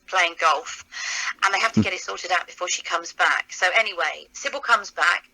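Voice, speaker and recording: A woman, a voice actor and presenter, chatting as a guest in an interview and telling animated stories about her work. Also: on the low side, moderate pace, gravelly, low-quality recording. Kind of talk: casual interview chat.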